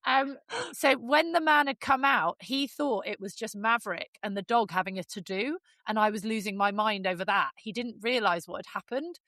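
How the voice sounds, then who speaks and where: A woman's voice: medium pitch, moderate pace, pushed and bright, no echo. A woman hosting a casual podcast, telling a story with energy, acting out quoted lines and swearing freely.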